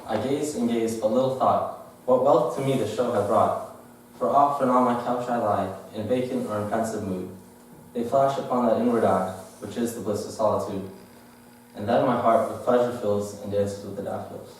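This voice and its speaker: A teenage boy reciting a poem as a student contestant in a steady, even flow with brief lifts for emphasis. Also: on the low side, normal speed, slight background noise. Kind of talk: poetry recitation. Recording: echoey hall from far off.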